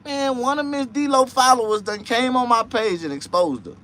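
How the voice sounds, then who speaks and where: A man hosting a casual livestream chat, rambling and profane, dropping to low mutters and jumping to high excited outbursts. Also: normal speed. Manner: profane, rambling street talk. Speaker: livestream host.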